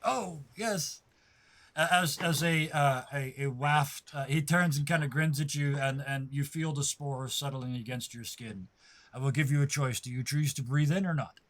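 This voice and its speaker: A man narrates as game master of a tabletop role-playing game, his voice sitting a little high. He improvises loosely and breaks into laughter often. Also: moderate pace, a bit bright.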